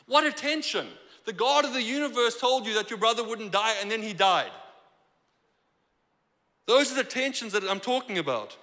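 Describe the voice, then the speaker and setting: Guy preaching in church, high bright voice, chatty and animated, big echoey hall. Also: normal speed. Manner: conversational, animated preaching with acted-out quotes. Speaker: pastor. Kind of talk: sermon. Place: church sanctuary.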